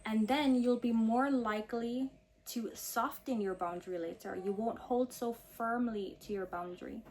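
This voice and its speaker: A woman hosting a self-help video, giving calm, firm advice straight to the viewer and slowing down to stress key phrases. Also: a little high. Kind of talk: direct-to-camera advice talk.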